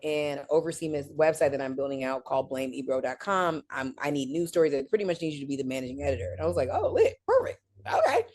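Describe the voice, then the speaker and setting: A woman guest in a casual interview, telling her career story in an animated way and acting out the people she quotes. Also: extremely low pitch, fast, hardly any pauses.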